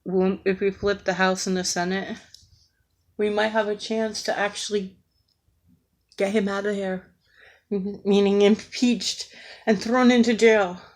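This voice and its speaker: Slow, pleading woman ranting. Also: mid-range voice, steady tone, a little mellow. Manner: earnest, pleading, slow and halting. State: tearful, emotional. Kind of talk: political vlog rant.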